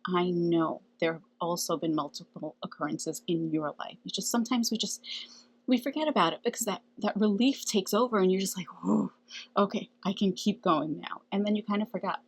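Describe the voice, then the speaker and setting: Middle-aged woman, husky lowish voice, chatty and earnest, keeps laughing and saying okay. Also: a little fast, low-quality recording. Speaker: spiritual channel host. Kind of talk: casual spiritual talk to camera.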